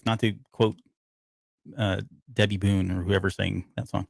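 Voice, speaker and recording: A man with a low, gravelly voice speaks in a level tone at a measured pace, with no room sound. He's co-hosting a casual live podcast breaking down a TV show, rambling and often pausing to search for a forgotten word.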